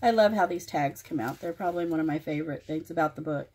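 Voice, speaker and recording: A woman hosting her own craft channel, showing a finished project page by page in plain, unhurried commentary made of short phrases. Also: deep voice, a little mellow, slightly rough. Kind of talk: casual show-and-tell walkthrough.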